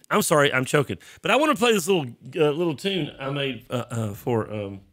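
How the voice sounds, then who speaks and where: A male host of a Christian show speaks in a chatty, self-deprecating way. His voice sits a bit high and sounds dry and close. He is congested and keeps clearing his throat. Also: big pitch swings, moderate pace, fairly bright tone, no echo. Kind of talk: casual sermon talk.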